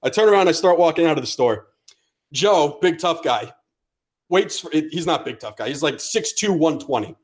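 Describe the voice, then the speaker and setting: A man's voice: on the high side, moderate pace. Profane young man telling a story. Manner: profane, animated storyteller acting out dialogue. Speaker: podcast co-host. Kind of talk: casual storytelling chat.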